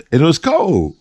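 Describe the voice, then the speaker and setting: A man's voice: a little high, slightly rough, no echo. A man hosts his show, telling a story in a loose, profane, slang-heavy way. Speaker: host. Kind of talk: storytelling monologue.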